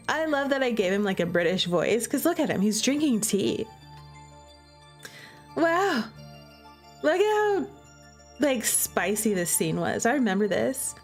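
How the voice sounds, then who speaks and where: A young woman streamer giving playful, chatty commentary while playing a romance game. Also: on the high side.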